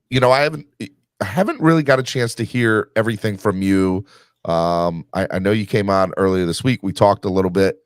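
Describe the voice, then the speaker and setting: A man's voice: low-pitched, no echo, studio quality. A man hosting a sports podcast, talking earnestly in a rambling way with many fillers. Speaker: podcast host. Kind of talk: casual sports podcast chat.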